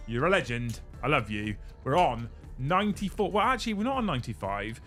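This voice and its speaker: Excitable British man hosting a livestream. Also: medium pitch, brisk, faint music behind. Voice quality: excitable, swears casually. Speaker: livestream host. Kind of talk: excitable live-stream chat.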